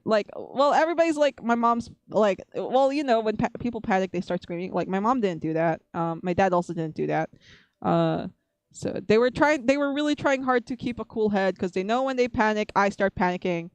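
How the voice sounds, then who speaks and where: Giggly woman streamer rambling thru a story at home, smooth clear voice, dry close sound. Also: medium pitch, a little mellow, no room sound. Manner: giggly, rambling, laughs often. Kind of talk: casual storytime chat.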